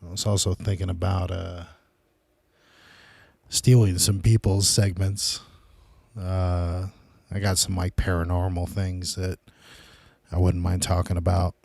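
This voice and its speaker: A man's voice: sits low, little pitch movement, a little slow, creaky, pauses often, a little mellow, no echo. A man hosting his own podcast, rambling loosely and casually in a solo monologue. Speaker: podcast host.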